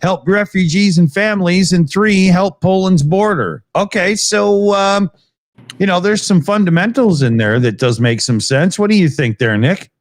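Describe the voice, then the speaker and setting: A man hosting a casual livestream, reading viewer messages with many pauses and fillers. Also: high-pitched, no echo.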